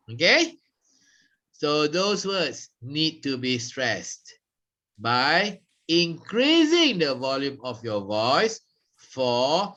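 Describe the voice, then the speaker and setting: A man leads a public speaking class, his high, bright voice leaping around as he demonstrates stress and tone. He talks at an unhurried pace, and the recording sounds dull and lo-fi. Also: big pitch swings. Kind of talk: classroom lecture.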